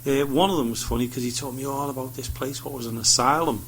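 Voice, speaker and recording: A man's voice: mid-range voice, fast talker, a bit bright, slight background noise. A man telling rambling anecdotes on a radio chat show, acting out the voices of people he met. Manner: rambling anecdotes with acted-out quotes. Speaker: studio guest. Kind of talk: casual radio chat, storytelling.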